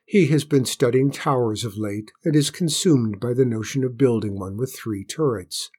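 Courtly chief adviser, read by a man: smooth, measured, husky. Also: medium pitch, darkish tone, natural voice. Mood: courteous. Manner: gracious, measured.

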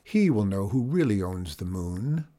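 A man's voice: lowish voice, sing-song, unhurried, dark tone, pitched below the performer's own voice. Man reading a firm, practical farmer's wife. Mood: urgent. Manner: earnest, urging.

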